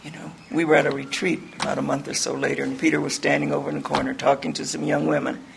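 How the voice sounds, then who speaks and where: A woman's voice: low voice, flat delivery, fast talker, creaky, background noise. An older woman giving a candid, rambling personal testimony to a group, mocking herself as she tells it. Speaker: recovery speaker.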